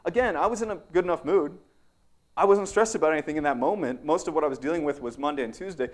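Young male pastor, slightly higher voice, casual sermon delivery with "right?" tag questions. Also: quick pace. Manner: conversational, self-deprecating, frequent "right?" asides.

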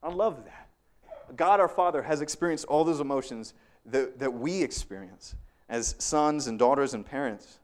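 A man's voice: mid-range voice, moderate pace. A young adult man preaching a conversational sermon as a pastor, self-deprecating, with frequent "right?" asides to the congregation.

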